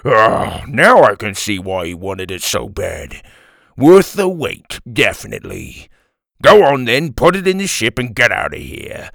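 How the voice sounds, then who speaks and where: Man doing a loud blustery pirate goon for a kids' storybook, gravelly and lively. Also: on the low side, unhurried, no room sound, studio quality, heavily acted. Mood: gleeful. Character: gruff loud male pirate crewman, bossy.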